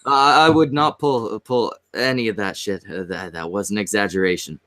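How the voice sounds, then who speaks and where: A man's voice: lowish voice, steady tone, normal speed, sharp tone. A man in crude casual chat on a stream, stammering and swearing as he rambles.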